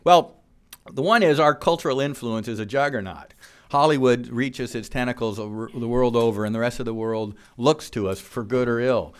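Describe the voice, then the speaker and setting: A man speaks earnestly to a room full of listeners. His voice is smooth and resonant at an ordinary middle pitch. He reads quotes off his slides and often pauses on "uh" and "um" between points. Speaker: policy speaker. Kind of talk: presentation to a live audience. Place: room with an audience.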